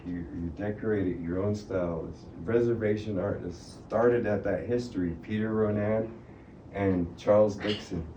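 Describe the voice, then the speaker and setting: Middle-aged male storyteller, low voice, rambling and laughing, recorded from afar in an echoey room with noise. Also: mellow. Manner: rambling, laughing, acts out quotes. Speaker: guest speaker on native arts. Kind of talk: casual storytelling talk. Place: library room. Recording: echoey room, distant mic, background noise.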